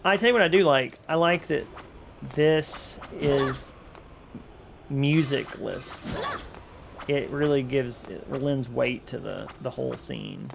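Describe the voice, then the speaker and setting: A man's voice: medium pitch, takes it slowly, gravelly, background noise. A young man streaming a game, chatting casually, rambling and joking back at his chat.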